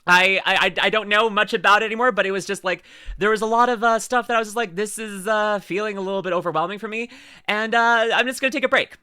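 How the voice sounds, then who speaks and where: A man with a Canadian accent giving casual, rambling reaction commentary as a streamer, quick to laugh and exclaim. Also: sits high, fairly even intonation, sharp tone, smooth.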